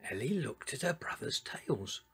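A man reading a children's story aloud in a lively, expressive way, talking to a few listeners by name. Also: mid-range voice, normal speed, slightly rough.

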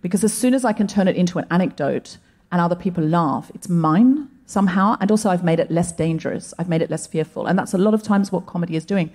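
A woman co-host with a lowish, mellow voice tells earnest, reflective stories on stage. She talks to a live crowd through a stage mic. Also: fast. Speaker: co-host comedian. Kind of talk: live podcast stand-up with audience. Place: comedy venue stage before a live audience.

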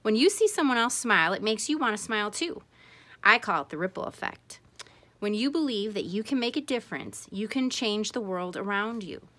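A woman voicing a cheerful young female dolphin in a children's storybook, with a high, bubbly, encouraging manner. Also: lively intonation, moderate pace, sharp tone.

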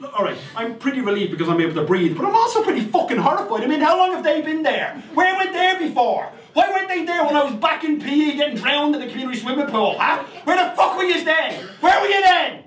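A man with a Dublin accent performing a comic monologue, telling a profane story with animated outbursts. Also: extremely high pitch, fast, few pauses. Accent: Irish, Dublin. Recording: roomy, distant recording with faint noise.

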